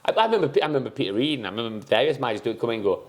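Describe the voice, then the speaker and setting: A British man bantering fast and full of jokes, his voice in a middle register. He teases the others and mimics the people in his stories. The talk is loose podcast chatter. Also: medium pitch, animated. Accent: British English. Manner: jokey, teasing, mimics people. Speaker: podcast co-host, ex-footballer. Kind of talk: casual chat.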